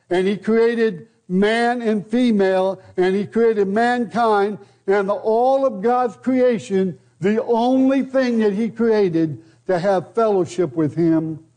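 An older American man preaching a sermon, slow and deliberate, with rhetorical questions and repeated phrases. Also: sits high, dark tone. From United States.

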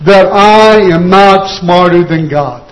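High-voiced preacher man. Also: slow, rough recording. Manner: preaching with rhetorical questions, scripture quotes and repetition. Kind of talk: sermon.

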